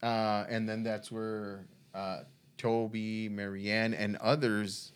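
A man, telling his faith testimony in a halting way, full of restarts and fillers. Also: fairly low pitch, little pitch movement, clean tone. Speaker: guest sharing a faith testimony. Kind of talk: conversational storytelling.

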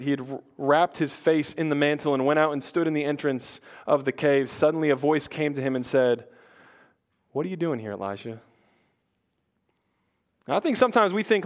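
A young male pastor giving a loose, conversational sermon. His voice sits a little higher than most men's. He talks casually, full of "like" and quick restarts. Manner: casual and chatty, with frequent "like" and stuttered restarts.

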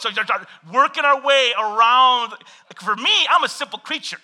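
A man's voice: very high-pitched, fairly quick. A man preaching a sermon, reading scripture and telling funny stories from his married life. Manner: animated storytelling with scripture reading and humor. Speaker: pastor.

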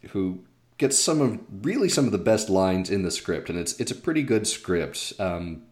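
A man's voice: low-pitched, expressive, normal speed. A man co-hosting a casual film podcast, talking with frequent hesitations and restarts. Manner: hesitant, many restarts and fillers. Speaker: podcast co-host.

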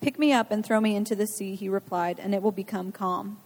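Woman reading bible verses out loud, steady pace, echoey hall. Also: medium pitch, fairly quick. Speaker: scripture reader. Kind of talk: reading scripture aloud. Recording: long hall reverb.

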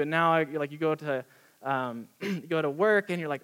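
A man's voice: fairly high pitch, a little fast, a bit bright. A young man giving a casual, earnest sermon, full of fillers and little acted-out conversations. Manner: earnest, chatty, many "like" fillers and acted-out dialogue. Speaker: youth pastor preaching.

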